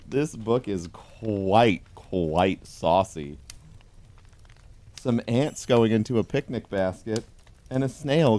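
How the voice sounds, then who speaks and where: A man reading a pun book aloud in a dry, deadpan comedic tone, chuckling along. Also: mid-range voice. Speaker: comedy host.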